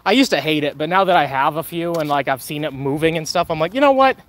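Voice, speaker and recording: A man's voice: on the high side, steady tone, fast, a bit bright. A man live-streaming a mobile game outdoors, chatting casually with viewers, joking and thanking donors.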